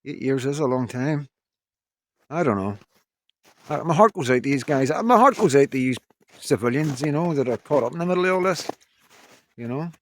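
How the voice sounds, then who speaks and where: A man's voice: mid-range voice, lively intonation, brisk, pauses often. Sex: man. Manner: rambling, frank, sad. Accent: strong regional. Style: casual vlog. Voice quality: strong regional accent that he says captions garble. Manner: rambling, frank, swears, repeats "you know". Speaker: vlogger. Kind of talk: casual monologue to viewers. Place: outdoors on an evening walk.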